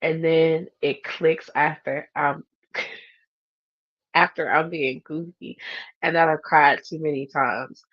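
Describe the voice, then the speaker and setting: Lively woman podcast host, lo-fi sound. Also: sits low, takes it slowly, pauses often, no room sound. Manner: animated, acts out her inner voices. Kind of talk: casual faith talk. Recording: dull, lo-fi sound.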